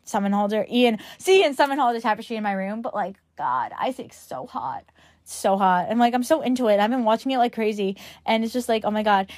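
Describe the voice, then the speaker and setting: This Long Island teen podcast host talks in a loose, meandering way, with "like" popping up constantly. She sounds a little high, and the studio-quality recording carries no room sound.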